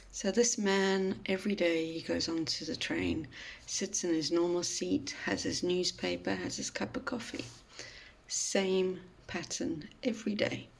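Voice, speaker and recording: A woman giving a mindfulness talk, telling a story in a slow, gentle, reflective manner. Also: lowish voice, gravelly. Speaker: mindfulness speaker.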